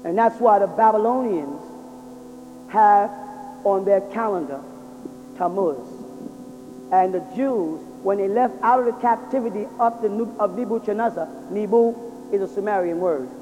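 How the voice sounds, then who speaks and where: A man's voice: high voice, normal speed, slight background noise. A man giving a religious lecture to an audience, drilling his listeners with rhetorical questions. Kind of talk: lecture-style sermon to an audience. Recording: dull lo-fi recording in a reverberant hall.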